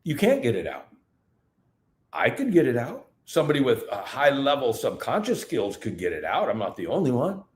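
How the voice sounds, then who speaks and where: A man delivers a motivational talk with an emphatic, repetitive style. His pitch rises and falls in a lively way. The sound carries a noticeable room echo. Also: moderate pace. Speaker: seminar speaker. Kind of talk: live talk at a festival.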